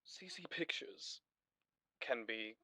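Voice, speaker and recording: A man voicing a remorseful TV-headed man leaving a halting, hushed apology on a voicemail. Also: medium pitch, expressive, no room sound, full character voice.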